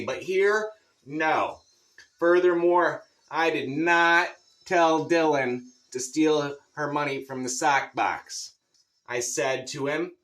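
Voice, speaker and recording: A man telling a rambling stand-up story in a deadpan, profane way. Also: on the high side. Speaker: comedian.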